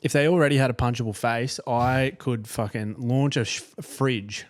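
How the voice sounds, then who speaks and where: A man's voice: mid-range voice, fairly even intonation, moderate pace, no echo, studio quality. Cheeky sweary Australian man. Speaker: podcast co-host. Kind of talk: casual banter.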